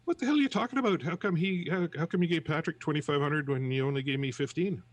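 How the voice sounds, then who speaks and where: A man voicing an outraged, unemployed male factory worker who shouts indignantly in a joke. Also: on the high side, quick pace, dry recording, voice pushed up, lightly acted.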